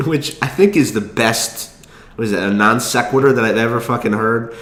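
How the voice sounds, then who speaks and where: A young man talks straight to his audience in a loose, rambling vlog story, full of swearing, restarts and quick asides. His voice sits fairly low. The room around him rings with echo. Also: a bit bright. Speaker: vlogger. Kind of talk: casual storytelling monologue.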